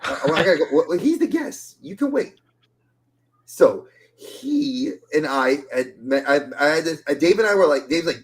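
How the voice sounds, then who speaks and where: A man co-hosting a casual podcast chat, telling stories with jokes and quick repeated restarts. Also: fairly high pitch, sing-song. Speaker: podcast co-host.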